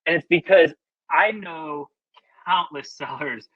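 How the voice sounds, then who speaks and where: Upbeat male webinar host, slightly high voice, dull lo-fi call audio, dry sound. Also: takes it slowly, sharp tone, slightly rough, no echo. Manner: chatty, opinionated, lots of fillers. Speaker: webinar presenter. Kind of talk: casual webinar presentation.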